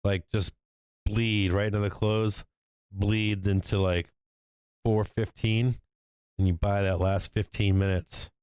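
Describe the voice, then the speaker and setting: A man hosting a live stock market stream, commenting on trades in a profane, excitable way and laughing often. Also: fairly low pitch, takes it slowly, clear, resonant tone, no echo. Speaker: stock market livestream host.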